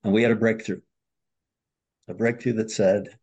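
Husky, warm-voiced man telling a story. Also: fairly even intonation, moderate pace, dull audio. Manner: earnest storyteller who acts out quotes with changes in pitch and loudness. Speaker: marriage and family therapist, podcast guest. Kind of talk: telling a client story in a podcast interview.

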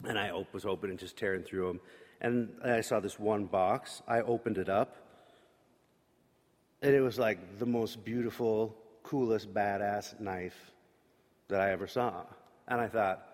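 A man's voice: fairly low pitch, steady tone, a little slow. A man telling a candid personal story during an evening service, confessional and plain-spoken with casual fillers. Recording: long hall reverb.

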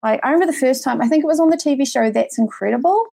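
A New Zealand woman in her forties chats as a podcast guest. Her voice sits a little high and is recorded dry and close. She rambles and hedges, filling gaps with "like" and "you know". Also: rapid-fire, vocal fry, mellow, breathy edge, no room sound. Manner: rambling, hedging, many fillers. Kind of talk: casual podcast chat.

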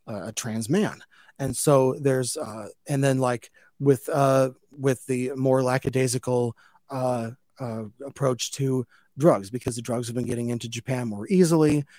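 A man casually recapping an anime episode as a podcast host, rambling with lots of fillers and restarts, growing louder and livelier when something amuses him. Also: medium pitch, dry recording, studio quality. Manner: gets loud and animated when amused.

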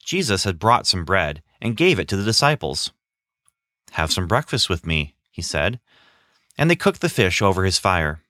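Guy narrating a kids bible story podcast, lowish voice but super animated, dry close mic. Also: no room sound. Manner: expressive, slows down for dramatic moments. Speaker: children's ministry storyteller.

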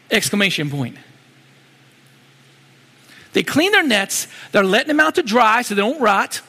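A man preaching a sermon in a conversational, animated way, full of rhetorical questions. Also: sits high, moderate pace, in a large hall.

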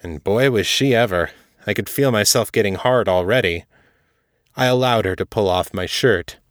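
Male podcast host and author, steady reader, lowish voice, dry close-miked sound. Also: normal speed, no room sound. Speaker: podcast host and author reading his fiction. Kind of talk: first-person story narration.

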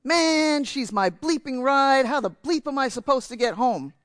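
A man acting out a furious young man who shouts and swears at a driver. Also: extremely high pitch, expressive, a little slow, no room sound, clean studio sound, pitched above the performer's own voice, full character voice. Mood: indignant.

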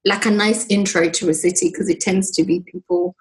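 A British woman being interviewed, talking in a relaxed, chatty way. She tells her stories with plenty of ums and likes, her voice sitting in a mid range. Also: mid-range voice, a little fast, creaky, poor audio. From Britain. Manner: chatty, lively storytelling with frequent fillers. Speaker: guest. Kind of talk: casual conversation.

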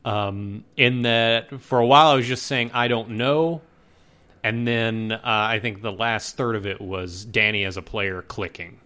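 A man's voice: lowish voice, a little slow, smooth. Easygoing man chatting with fillers. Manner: relaxed, hesitant with many fillers. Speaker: podcast co-host. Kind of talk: casual chat.

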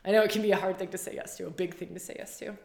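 A woman's voice: mid-range voice, fairly even intonation, very fast, gravelly, a little mellow. A woman spiritual coach and podcast host giving an earnest, flowing talk, repeating phrases and laughing often. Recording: roomy echo.

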